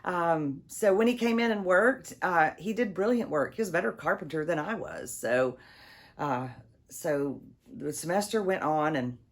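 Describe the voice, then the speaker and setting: A middle-aged woman, a drama teacher, telling a personal story in a conversational, lively way. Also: on the low side, normal speed. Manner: conversational, lively, acts out quotes.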